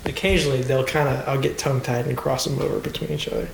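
A man hosts a casual podcast chat at an ordinary pitch, teasing and playing up mock outrage. The room rings with echo, and a faint noise runs underneath. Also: level tone, fast, vocal fry. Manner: joking, playful mock-dramatic banter. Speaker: podcast host.

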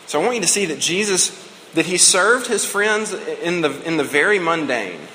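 A man's voice: a little high, expressive, normal speed, sharp tone, a little hiss or hum. A man in his thirties giving a conversational, emotional sermon as a pastor. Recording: reverberant hall with faint ambience.

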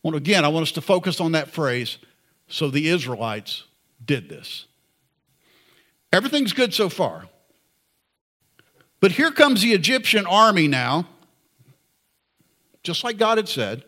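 Male preacher, bright voice, earnest and conversational. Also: sits high, sing-song, moderate pace, long pauses. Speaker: pastor. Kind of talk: sermon.

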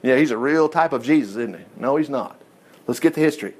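A man reading scripture aloud and breaking in with animated, exclamatory asides, teaching a Bible lesson. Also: medium pitch, fast talker, slightly rough.

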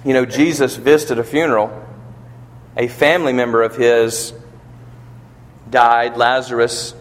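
A man preaching a sermon, building to emphatic peaks and asking rhetorical questions, in a church or funeral hall. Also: medium pitch. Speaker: pastor. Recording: long reverb of a large hall.

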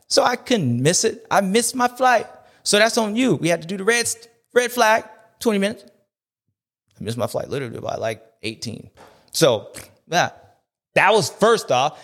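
A man hosting a race recap show, talking in a loose, slangy, joking rant that rambles from one aside to the next. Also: high-pitched. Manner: animated, rambling, slangy, jokey. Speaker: show host.

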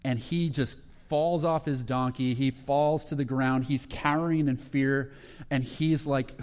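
A man preaching a sermon as a pastor, retelling a story with lively quoted voices. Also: medium pitch, unhurried. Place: church sanctuary. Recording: long reverb of a hall.

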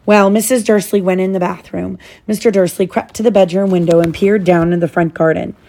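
A woman's voice: lowish voice, steady tone, a little fast, dark tone. A mother reading a children's novel aloud to her child, stopping now and then to explain things. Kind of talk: storybook read-aloud.

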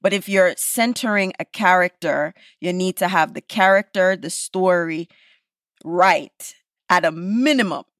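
A woman's voice: on the low side, measured pace, a bit bright, dry recording, clean studio sound. A woman from the Caribbean with a Caribbean accent, a guest talking casually and emphatically, often adding tag questions. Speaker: guest, podcast creator. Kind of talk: casual conversation.

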